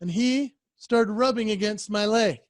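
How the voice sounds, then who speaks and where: Brief: man, high voice, animated storytelling keynote speaker acting out voices, dry close sound on a video call. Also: measured pace, no echo. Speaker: professional speaker.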